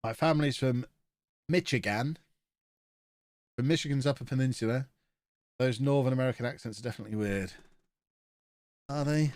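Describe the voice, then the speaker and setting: A man's voice: mid-range voice, normal speed, pauses often, darkish tone, dry recording, clean studio sound. A man with a blocked nose, chatting and joking through a live-streamed game commentary as he reacts to his chat.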